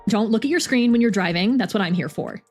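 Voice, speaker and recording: A commanding, no-nonsense coach played by a woman reader barking directions in quick, clipped orders. Her pitch is ordinary for a woman. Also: expressive, darkish tone, soft background music, natural voice. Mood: brisk. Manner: brisk, commanding. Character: bossy brisk middle-aged woman coach.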